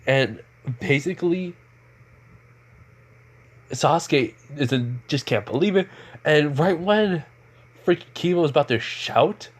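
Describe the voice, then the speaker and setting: A man's voice: fairly high pitch, expressive, slow, pauses often. A man casually narrating an improvised fan-fiction story, rambling along with many fillers and self-corrections.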